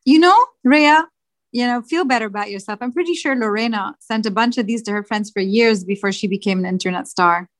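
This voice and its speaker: A woman's voice: fairly high pitch, brisk, no room sound. A woman co-hosting a casual chat show, blunt and teasing, with some swearing. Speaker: podcast co-host.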